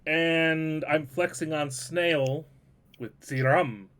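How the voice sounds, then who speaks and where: A man's voice: a little high, fairly even intonation, slow pace, fairly bright tone. A man running a tabletop game as game master, joking and rambling about his notes. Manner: joking, self-deprecating, rambling. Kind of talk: casual tabletop game chat.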